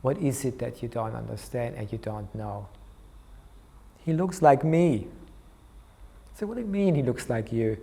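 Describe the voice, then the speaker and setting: Man, middling pitch, art therapy lecturer, storytelling, acts out dialogue, hushed at tender moments. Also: moderate pace, creaky, pauses often. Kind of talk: recounting a clinical case.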